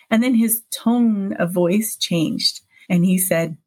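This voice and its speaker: A woman guest on a podcast interview, telling a personal story in a lively way, acting out the dialogue and laughing often. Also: medium pitch, a little slow, hardly any pauses.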